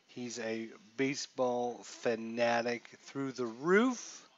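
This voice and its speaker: Male streamer, casual commentary, stat-heavy, mid pitch. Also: muffled recording. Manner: chatty, reels off stats, rises for big plays. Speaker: streamer playing a baseball simulation.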